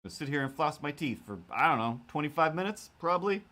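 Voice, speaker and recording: A cartoonist and live streamer rambles casually in a fast, very animated voice that sits on the high side, pushed and bright. He fills his talk with lots of fillers and playfully quotes his own thoughts.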